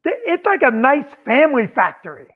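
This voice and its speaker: A man's voice: very high voice, a little fast. A man who owns a comedy club, telling stories in casual podcast chat and acting out what people said. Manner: animated storyteller acting out quotes. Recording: tinny phone-like line.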